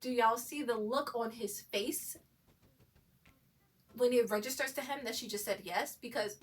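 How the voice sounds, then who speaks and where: A woman recapping a TV episode in animated, gushing casual commentary. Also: a little high, measured pace, long pauses, distant mic, soft background music. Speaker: TV recap vlogger.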